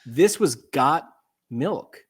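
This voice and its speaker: A man who is a podcast guest, chatting casually and lively, telling stories and asking rhetorical questions. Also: mid-range voice, drawn-out words, husky.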